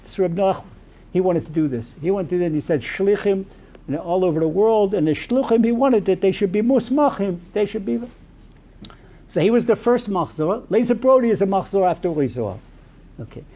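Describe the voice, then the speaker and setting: A man as a rabbi giving a storytelling sermon, animated and peppered with Yiddish and Hebrew terms. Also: high-pitched.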